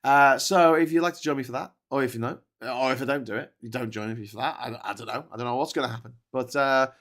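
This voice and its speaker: A man's voice: medium pitch, quick pace, a bit bright. A man hosting a live news commentary stream, rambling and jokey, often correcting himself. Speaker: show host. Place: seated in his own show chair.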